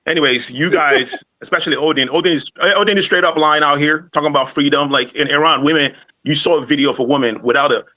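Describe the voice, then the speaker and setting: A man's voice: on the high side, fast, bright, forceful tone, low-quality recording. A man in his forties, a panelist in a heated live debate, combative and scolding, talking over others. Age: 40s. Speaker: call-in panelist.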